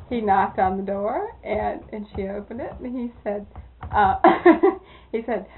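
A woman recounts old anecdotes for an oral history interview, lively and quick to laugh. Her voice sits at an ordinary pitch for a woman. The recording is thin and phone-like, like an old cassette. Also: slight background noise. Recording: tinny lo-fi tape, phone-like.

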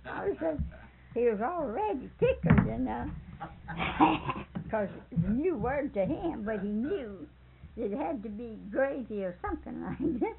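An older woman with a drawl spins a family anecdote, laughing and backtracking over names. Her voice is gravelly and a touch high. The recording is thin and phone-like with a faint hiss underneath. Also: animated, normal speed. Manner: chuckling, rambling, repeats and corrects names. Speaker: storyteller interviewee. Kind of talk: folksy anecdote telling.

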